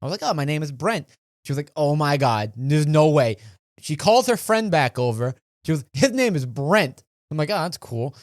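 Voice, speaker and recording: A young man co-hosts a chat podcast, his voice a touch higher than most and swinging widely as he acts out the people in his story. The sound is close and dry, with no room around it. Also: fairly quick, dry recording. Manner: animated, acts out quoted voices. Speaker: podcast co-host.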